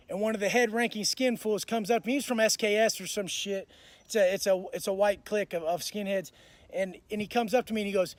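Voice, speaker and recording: A man's voice: high voice, a little hiss or hum. A man telling prison stories in a blunt, profane, tough-talking monologue. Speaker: motivational speaker.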